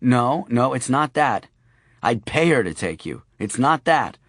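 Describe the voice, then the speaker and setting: A man's voice: mid-range voice, sing-song, measured pace, a bit bright, no room sound, exaggerated voice. A male narrator voicing a worried young father with wry, earnest humor, recorded dry and close.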